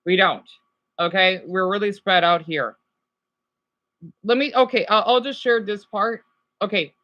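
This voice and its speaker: A man's voice: high-pitched, fairly even intonation, unhurried, pushed and bright, dull audio. A man from Arizona giving casual reaction commentary, rambling with stammering restarts and swearing. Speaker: video commentator.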